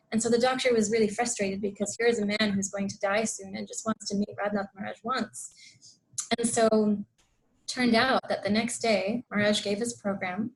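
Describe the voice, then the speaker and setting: A woman's voice: medium pitch, little pitch movement, normal speed, poor audio. A woman giving a devotional talk in an online program on a video call, telling a story with many fillers and acting out the quotes. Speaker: speaker.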